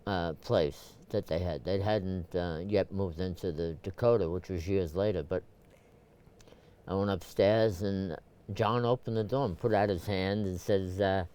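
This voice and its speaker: An older man from Brooklyn who speaks. His voice sits low and sounds smooth and resonant. He tells stories in a loose, rambling way, with many fillers, restarts and throat-clearing. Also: unhurried. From Brooklyn, New York. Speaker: photographer, interview guest. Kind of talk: casual storytelling interview.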